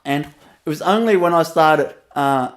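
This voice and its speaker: A man's voice: on the high side, normal speed. A man with a Vietnamese accent gives a rambling, storytelling webinar talk as a spiritual teacher, laughing often and leaning on fillers.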